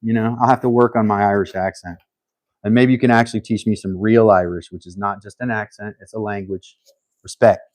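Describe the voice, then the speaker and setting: A man hosting a casual live stream, thinking aloud while he works, humble and a little halting, with frequent restarts. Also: on the low side, fairly even intonation, darkish tone, no room sound.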